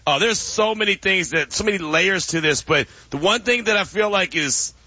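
High, bright-voiced male sports radio host. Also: animated, normal speed, dry recording. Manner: playful, teasing, laughs often. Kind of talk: casual sports talk banter. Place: radio studio. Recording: dull, dry studio radio audio.

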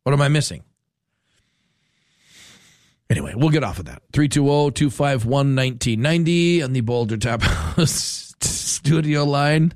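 A man hosting a talk radio show, rambling and animated in a casual rant. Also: medium pitch, measured pace, dry recording, studio quality. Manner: rambling, animated, self-interrupting.

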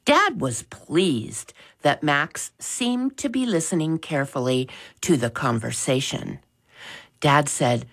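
Woman, storybook narrator, low voice, lively pitch, slow, expressive reading. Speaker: audiobook narrator.

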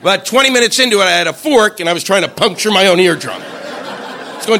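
A man doing stand-up comedy in a high, very lively voice that swings across his range. His tone is bright and forceful, and he is profane and exasperated. A faint hiss sits under the recording. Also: quick pace.

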